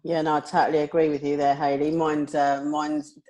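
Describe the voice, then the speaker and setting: A woman's voice: low-pitched, level tone, fairly quick, dark tone. A woman co-hosting a podcast in casual chat, talking candidly and reflectively and laughing often. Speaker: podcast co-host.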